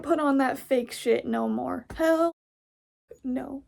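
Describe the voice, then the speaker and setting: A woman's voice: high voice, moderate pace, creaky, heavy background noise. A young woman hosting a podcast, delivering an angry, profane, blunt monologue. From United States. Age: young adult. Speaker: podcast host. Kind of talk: casual ranting monologue.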